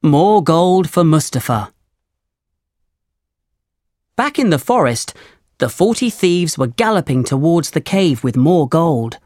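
A narrator giving a measured, clear reading of a chapter book. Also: medium pitch, lively intonation, a little mellow, dry recording. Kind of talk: storybook reading.

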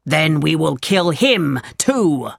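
A stern, angry leader of thieves barking orders, as a storybook reader puts him on. The voice is gravelly and unhurried, each command laid down slowly. It sits close and dry, with no room around it. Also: mid-range voice, very animated, dry recording, full character voice. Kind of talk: storybook reading.

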